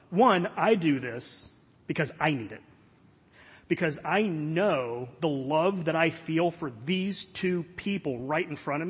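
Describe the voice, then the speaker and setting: A man's voice: a little high, husky. A middle-aged man from Florida preaching a sermon, earnest and conversational with touches of humor. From Florida, USA. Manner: conversational, earnest, with light self-deprecating humor. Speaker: pastor. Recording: long hall reverb.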